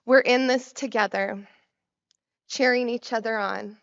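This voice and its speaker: A woman's voice: fairly high pitch, fairly even intonation, unhurried, vocal fry, fairly bright tone, muffled recording. A woman hosting an event, reading a scripted introduction in a formal, announcing way. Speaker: event host.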